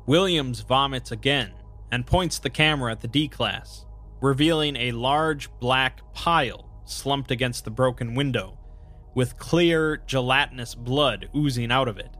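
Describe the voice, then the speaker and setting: A young man narrating a horror story in measured, scripted fashion, with brief asides of his own. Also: mid-range voice, faint music behind. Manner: calm, measured retelling of horror events with brief personal asides. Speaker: narrator and channel host.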